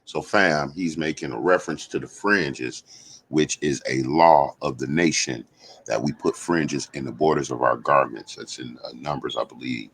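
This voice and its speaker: A man hosting a channel, giving a measured explanatory comment with small hesitations. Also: very deep voice, a bit bright, breathy edge. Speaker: channel host.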